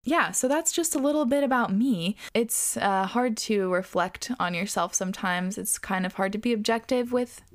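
A woman's voice: mid-range voice, normal speed, hardly any pauses. A young adult woman hosting a podcast alone, talking in a chatty, reflective way with lots of fillers. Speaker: podcast host. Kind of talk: casual solo podcast talk.

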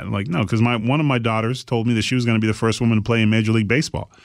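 A man's voice: on the low side, steady tone, racing, no room sound, clean studio sound. A middle-aged man and podcast host telling a story in casual chat, blunt and emphatic.

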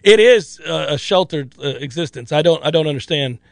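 High-voiced rambling man, bone-dry sound. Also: expressive, fairly quick, creaky, dry recording. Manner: rambling, self-interrupting, laughs often. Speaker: sports betting co-host. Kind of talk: casual sports betting chat.

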